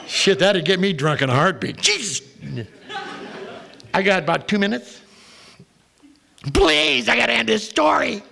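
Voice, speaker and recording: High-voiced, gravelly older comic man. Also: a little slow, long pauses, bright, forceful tone. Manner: profane, wisecracking, punchline-driven. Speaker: recovery meeting speaker. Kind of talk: comic storytelling talk. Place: recovery meeting room.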